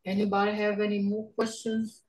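A woman teaching an online language class over a video call, patiently repeating words slowly for her learners. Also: medium pitch, monotone, a little mellow, rough recording.

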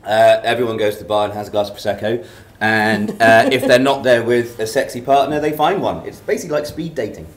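Deep-voiced joking man in echoey room. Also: a little fast, hardly any pauses. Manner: playful, teasing, jokey. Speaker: actor guest. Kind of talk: live promotional interview. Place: office event space with an audience. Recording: echoey room with crowd noise.

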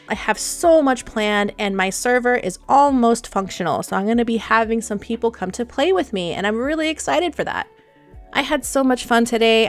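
A young woman hosting a gaming channel, chatting casually and excitedly through her gameplay and talking to her animals. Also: fairly high pitch. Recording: dry close mic with faint music.

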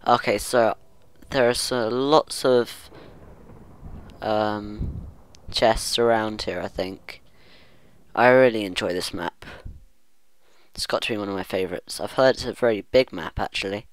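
A man with a lowish voice gives unhurried let's-play commentary, rambling and thinking out loud as he goes. His words come slowly, and the sound is dry and close with no room around it. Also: clean tone, no room sound. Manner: rambling self-talk, hums and muses aloud. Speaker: gaming channel host.

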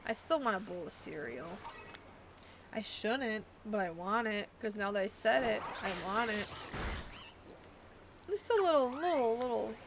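A woman's voice: medium pitch, normal speed, noisy background. A woman streamer chatting and rambling casually as she plays a video game. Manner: rambling, chatty, thinking aloud. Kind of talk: casual chat while playing a video game.

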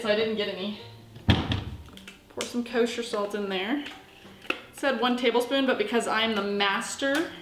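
An American woman with a fairly high voice records a casual cooking vlog in her home kitchen, and the audio is reverberant and rough. Chatty and goofy, she talks to herself as she cooks.

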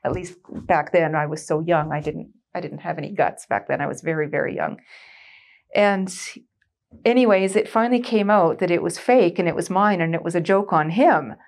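Woman in her forties, from Canada, oral history interview, lively anecdotes, fairly low voice. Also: normal speed. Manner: lively anecdotal storytelling, acts out quotes, laughs often. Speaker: former military switchboard operator, interviewee. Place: board room of a museum.

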